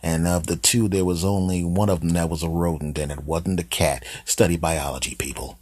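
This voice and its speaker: Deep husky man telling absurd tales. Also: brisk, no echo, clean studio sound. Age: 50s. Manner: deadpan, rambling asides to the audience. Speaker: comedian host. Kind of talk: absurd comic storytelling.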